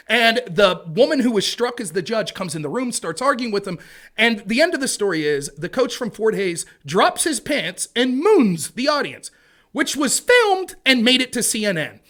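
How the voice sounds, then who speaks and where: A man talking as a guest in a casual interview, fast and energetic, full of asides. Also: very high voice. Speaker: interview guest, debate show host.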